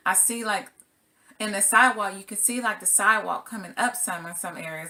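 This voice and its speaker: Brief: middle-aged woman vlogger, casual, animated storyteller, bright tense tone. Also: medium pitch, moderate pace. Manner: animated, acts out her own exclamations. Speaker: single mother vlogger.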